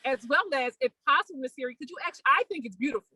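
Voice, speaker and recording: Effusive high-voiced woman podcast host. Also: very fast, pushed and bright, no echo, poor audio. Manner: effusive, laughs often, says y'all. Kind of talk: casual interview.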